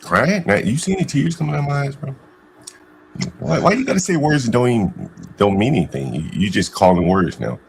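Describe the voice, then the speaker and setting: A man's voice: medium pitch, very animated, a little fast, creaky, slight background noise. A man arguing heatedly on a live stream panel, defensive and insulting, often repeating himself.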